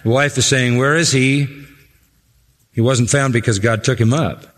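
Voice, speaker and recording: A man's voice: mid-range voice, fairly even intonation, brisk. Emphatic man preaching in a reverberant hall. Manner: emphatic, repeats phrases for stress, varies pace. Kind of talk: expository sermon.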